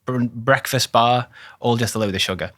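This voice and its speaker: A man who co-hosts a podcast as a cardiologist, explaining things in a relaxed chat with swearing and laughter. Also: medium pitch, moderate pace.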